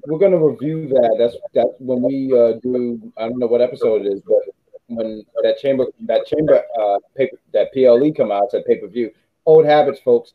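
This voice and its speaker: Rambling man, dull lo-fi sound. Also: mid-range voice. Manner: rambling, self-correcting, laughs often. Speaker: podcast co-host. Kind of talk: casual wrestling chat.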